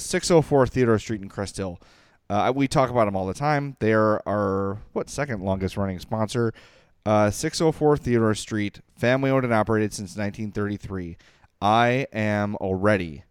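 A middle-aged man, co-hosting a casual sports podcast, gushing and excitable, also reading sponsor spots. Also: fairly low pitch, clean tone, no echo, studio quality. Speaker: podcast co-host.

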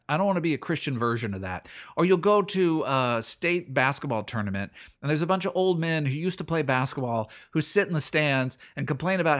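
A middle-aged man hosting a podcast, giving an earnest personal faith reflection that often repeats phrases and restarts his sentences. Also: mid-range voice. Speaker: podcast host.

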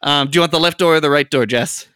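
A game master narrating a tabletop role-playing game, with many fillers and halting restarts as the scene is set. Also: mid-range voice, fairly bright tone, smooth, dry recording, studio quality.

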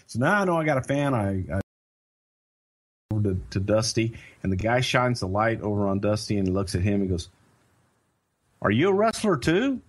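A man telling a story in casual chat, animated and self-mocking, acting out other people's lines. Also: fairly low pitch, brisk. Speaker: storyteller guest.

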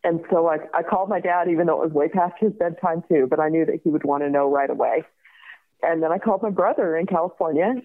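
A woman in her fifties, a guest telling her story in a lively way, laughing often and acting out the other voices. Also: low voice, fast talker. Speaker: guest, crime survivor. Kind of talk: personal storytelling in an interview. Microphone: phone call. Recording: tinny phone line.

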